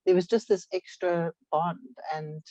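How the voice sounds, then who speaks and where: Low, mellow woman chatting. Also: fairly even intonation, unhurried, dry recording, highs cut off. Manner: rambling, full of fillers. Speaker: podcast co-host. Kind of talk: casual chat.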